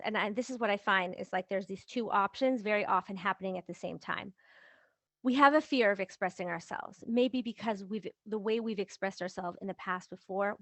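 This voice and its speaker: This is a mid-range female voice, recorded dry. She's a podcast host and relationship coach offering casual advice, animatedly voicing her everyday examples in little character voices.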